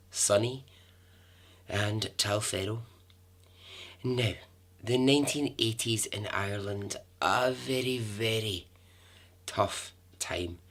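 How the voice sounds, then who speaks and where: A man's voice: on the low side, a bit bright. A man hosting a podcast, telling a true-crime story in a chatty way with asides and the odd swear word. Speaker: podcast host.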